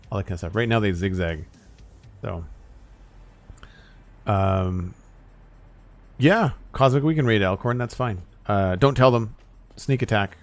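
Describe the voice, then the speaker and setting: A man chatting casually while streaming a building game, relaxed and rambling with frequent ums and uhs. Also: low voice, normal speed, faint music behind. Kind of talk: casual live-stream chat.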